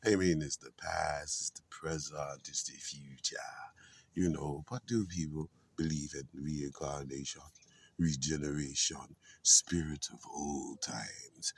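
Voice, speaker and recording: A man's voice: a bass voice, darkish tone, slightly rough. A man rambling about faith outdoors in a garden, preachy with playful asides. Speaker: spiritual vlogger. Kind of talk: rambling casual spiritual musing.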